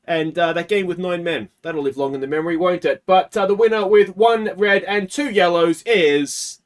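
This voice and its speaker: An Australian man hosting a let's play, talking casually through a game and swinging from quiet muttering to anguished shouts. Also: high voice, normal speed, hardly any pauses.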